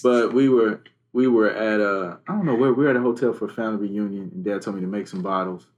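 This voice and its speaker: A man in a relaxed chat with his siblings, telling a childhood story in an easygoing way. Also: on the low side, quick pace. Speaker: sibling sharing family stories. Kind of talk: casual family chat.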